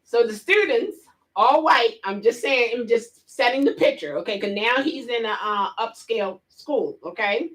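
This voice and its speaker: Lively woman vlogger chatting. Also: fairly high pitch, normal speed. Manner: animated retelling, laughs often, speaks straight to viewers. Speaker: vlogger hosting a live chat. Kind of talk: casual storytelling and chat.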